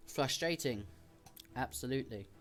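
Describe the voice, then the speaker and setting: A man's voice: medium pitch, expressive, normal speed, a bit bright, soft background music. A man streaming a card game, explaining each decision as he thinks aloud. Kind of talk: casual gameplay commentary.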